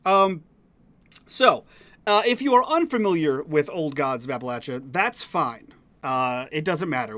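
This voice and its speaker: Upbeat bright-voiced male game master. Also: fairly high pitch. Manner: upbeat, rambling, lots of fillers. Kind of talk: hosting and narrating a tabletop game stream.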